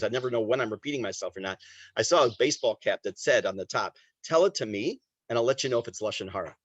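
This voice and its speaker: A man's voice: medium pitch, husky, no room sound, poor audio. A man teaching a Torah class over a video call, reading Hebrew lines and translating them, with joking asides. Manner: lively, joking asides, reads Hebrew text then translates.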